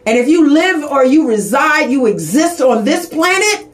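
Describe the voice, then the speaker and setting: A middle-aged woman with a high voice delivers a fervent podcast monologue, pressing and exhorting her listeners. She is recorded in an echoey room. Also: big pitch swings, measured pace. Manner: passionate, exhorting, emphatic. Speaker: advocate and journalist. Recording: roomy echo.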